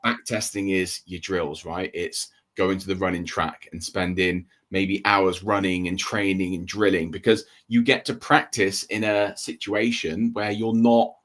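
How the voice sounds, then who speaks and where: Steady low-voiced man explaining. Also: measured pace, few pauses. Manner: steady explaining, checks in with "okay?" and "right?". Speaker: trading livestream co-host. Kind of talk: casual livestream talk.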